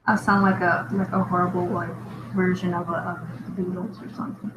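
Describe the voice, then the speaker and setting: A woman's voice: on the low side, brisk. A woman hosting a live drawing show, chatting casually and thinking aloud with little giggles as she sketches. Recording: dull echoey recording with steady background noise.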